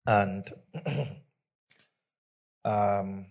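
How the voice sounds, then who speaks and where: A man's voice: fairly low pitch, extremely slow, vocal fry, a little mellow. A male pastor preaching a sermon to a church congregation, leading call-and-response and speaking emphatically with bursts of laughter.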